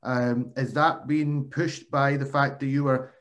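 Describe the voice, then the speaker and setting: A man's voice: medium pitch, flat delivery, measured pace, a bit bright. Friendly male podcast host. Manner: friendly, calls the guest mate. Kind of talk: casual interview.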